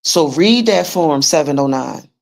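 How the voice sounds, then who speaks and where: A woman's voice: sits low, expressive, unhurried, creaky. A woman hosting a livestream, ranting in a blunt, profane and emphatic way as she urges listeners to take charge of their money. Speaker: livestream host teaching finance paperwork. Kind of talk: casual livestream rant.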